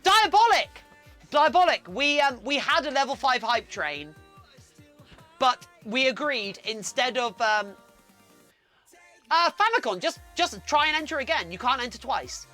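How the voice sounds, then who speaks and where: A woman chats casually as she streams her fursuit work, reading chat aloud and breaking into silly sung bits. Her voice is bright and fairly high and swoops all over. Faint music plays behind her. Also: animated, measured pace.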